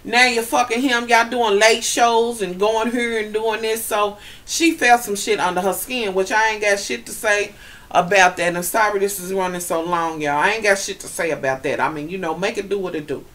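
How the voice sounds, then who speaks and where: A woman vlogger giving a profane, gossipy casual recap, talking straight to her viewers and getting loud when she is riled up. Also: mid-range voice, normal speed.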